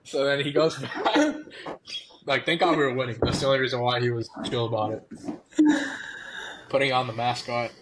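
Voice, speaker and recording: A man's voice: medium pitch, animated, moderate pace, long pauses, noisy background. A young man, a former college baseball player, animatedly telling a story as a podcast guest, often laughing. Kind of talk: casual storytelling.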